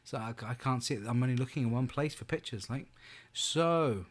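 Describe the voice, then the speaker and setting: A man's voice: mid-range voice, normal speed. A man hosting an online pub quiz, chatty and rambling with lots of fillers. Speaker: quiz host.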